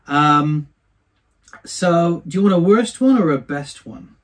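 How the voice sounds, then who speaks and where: A man, a singer, being interviewed and telling anecdotes from his career in a chatty, animated way. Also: fairly high pitch, slow. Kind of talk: casual storytelling.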